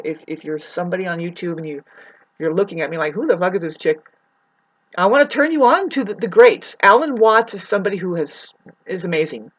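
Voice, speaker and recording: A woman's voice: mid-range voice, poor audio. A woman delivering a rambling, profane, agitated monologue to the camera as a vlogger.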